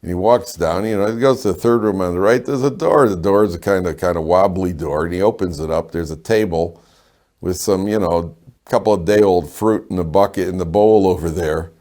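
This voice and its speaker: A man teaching a Torah class to live students, animated, asking rhetorical questions and telling jokes. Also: deep voice, brisk.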